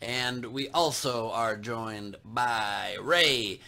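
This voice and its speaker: A man's voice: medium pitch, very slow, sharp tone. A man hosting a comedy show over a video call, teasing and introducing guests with jokes. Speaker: podcast host. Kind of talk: casual comedic banter.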